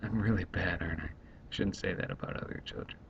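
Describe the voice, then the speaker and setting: A man's voice: fairly even intonation, creaky. A man in his thirties, a stay-at-home dad, rambling and exasperated in a casual vlog monologue. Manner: rambling, exasperated, quickly acts out others. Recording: dull lo-fi home recording, faint rumble.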